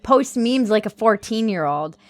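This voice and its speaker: A woman's voice: fairly high pitch, lively intonation, moderate pace, no echo. A woman in her thirties hosting a comedic chat, sarcastic and laughing often. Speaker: host.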